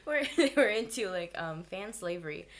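A young woman in casual chat with friends, joking and trailing off quietly. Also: medium pitch, animated, normal speed, a little hiss or hum.

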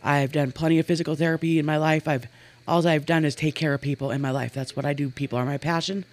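Brief: earnest, animated woman in her forties from Montana, guest telling stories. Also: sits low, quick pace. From Montana, USA. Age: 40s. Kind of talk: casual storytelling in an interview.

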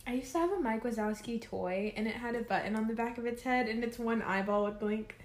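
A woman's voice: fairly high pitch, fairly quick, heavy background noise. A young adult woman co-hosting a casual chat, joking playfully as she answers quiz questions. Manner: playful, jokey. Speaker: co-host. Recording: roomy echo.

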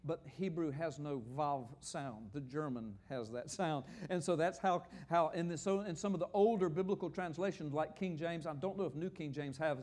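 A man's voice: fairly high pitch, normal speed, hardly any pauses, a little mellow. A man preaching a sermon with slides, explaining in a conversational way to a congregation in a church hall.

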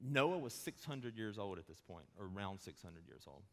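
A pastor in his thirties giving a conversational sermon, mixing quick humor with slow emphatic pauses. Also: on the low side, sing-song, fairly bright tone. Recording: long hall reverb.

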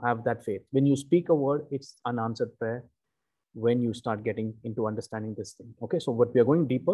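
A man with a mellow, somewhat husky voice delivers a sermon. He teaches slowly and emphatically, stopping to repeat points and check in with his listeners. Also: medium pitch. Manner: slow, emphatic teaching with repeated "okay" and "you know". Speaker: preacher.

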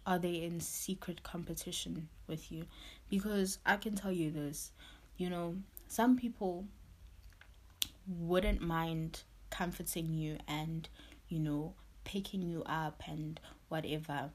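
A woman's voice: fairly low pitch, fairly even intonation, takes it slowly, darkish tone. A woman hosting a podcast, sharing a heartfelt personal monologue while close to tears, filling her talk with "you know" and "literally". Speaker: podcast host.

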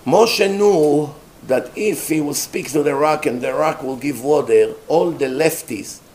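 A man giving a sermon as a rabbi, telling the story in an animated way with rhetorical questions and mocking asides. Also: on the high side, a little slow, slight background noise.

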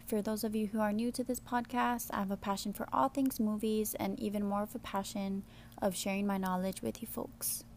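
A woman's voice: medium pitch, steady tone, a little fast, a little mellow, a little hiss or hum. A young woman hosting a podcast, reading a friendly, informative script. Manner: read-aloud, friendly, informative. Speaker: podcast host.

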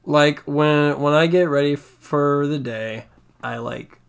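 A young man in casual conversation, speaking in a fairly monotone, quiet way and laughing often. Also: on the high side, slow, gravelly, clean tone. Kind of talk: casual chat.

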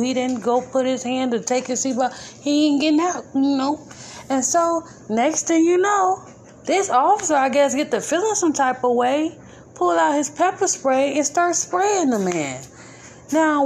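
A woman with a somewhat high-pitched voice hosts her own podcast, talking in loose, colloquial speech. She hammers her points home by repeating them with indignant emphasis. Faint ambient noise sits underneath her voice. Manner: informal, colloquial grammar. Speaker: podcast host. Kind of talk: casual spoken commentary.

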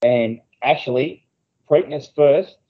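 A man's voice: medium pitch, slow pace, lo-fi sound. A man co-hosting a podcast, telling rambling crude anecdotes in casual banter. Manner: rambling anecdotes, frequent swearing, laughs at own stories. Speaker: podcast co-host.

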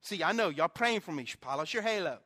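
Man, pastor, sermon, high voice, bright tone, chatty storytelling, self-mocking humor. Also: animated, brisk.

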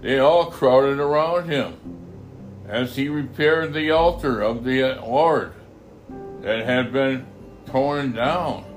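A man reading a Bible passage aloud, halting often to repeat and correct his phrases. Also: mid-range voice, faint music behind. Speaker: scripture reader.

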